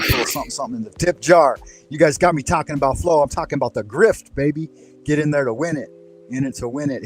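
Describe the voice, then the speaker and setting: Loose-talking host, profane. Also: male voice, medium pitch. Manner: loose, profane, hustling plugs. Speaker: show host. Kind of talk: casual panel chat.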